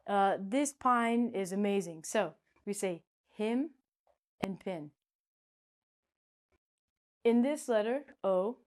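Female English teacher, unhurried and playful, swings between bursts and murmurs. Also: mid-range voice. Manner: playful, chatty, jumps between loud and soft. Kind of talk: casual spoken lesson.

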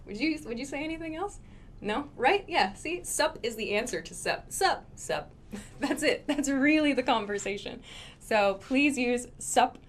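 Female English teacher, slightly high voice, unhurried demonstrations, faint room noise. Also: expressive. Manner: slow, clear demonstrations with laughs. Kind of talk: casual live English lesson.

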